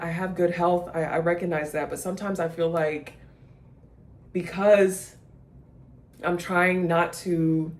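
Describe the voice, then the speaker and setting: A vlogger speaks straight to the camera in a halting, rambling way, full of restarts and second thoughts. The voice is soft and confessional and stays close to tears throughout. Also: mid-range voice. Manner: rambling, halting, self-questioning. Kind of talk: unscripted emotional vlog rant.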